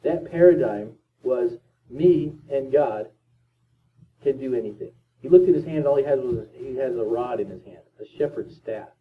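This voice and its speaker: A man's voice: mid-range voice, moderate pace, a little hiss or hum. Fifties guy giving a pumped-up motivational talk, tinny and far off from the mic. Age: 50s. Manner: emphatic, repetitive, preachy. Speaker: motivational speaker. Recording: distant tinny lo-fi recording.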